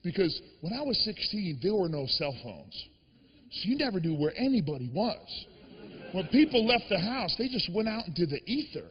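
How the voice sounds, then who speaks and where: A man from the Boston area performing a stand-up comedy set, telling stories in an animated, profane way. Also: high voice, big-room sound, muffled recording, slight background noise.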